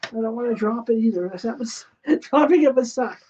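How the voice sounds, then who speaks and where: A woman with a fairly high, lively, slightly mellow voice runs a casual live stream from a spare bedroom she uses as a studio, talking a little fast through each step of a craft project and often half-muttering to herself. The sound is dull and lo-fi, with faint noise.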